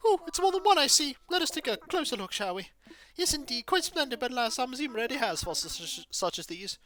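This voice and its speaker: A man voicing a fussy, excitable male owl museum curator with a pompous, flowery, old-fashioned way of talking. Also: very high voice, quick pace, voice pushed up, exaggerated voice. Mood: fussy, delighted.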